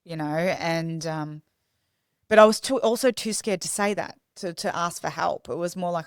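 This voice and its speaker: A woman's voice: lowish voice, steady tone, normal speed, dry recording, studio quality. A young woman, a podcast guest, telling her story in a raw, confessional way with many restarts. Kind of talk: candid personal storytelling.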